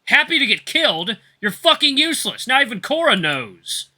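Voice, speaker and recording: A man voicing a gruff, menacing male wolf butcher who snarls and scolds harshly. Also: very high-pitched, very animated, moderate pace, bright, forceful tone, pitched above the performer's own voice, exaggerated voice. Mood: angry snarling.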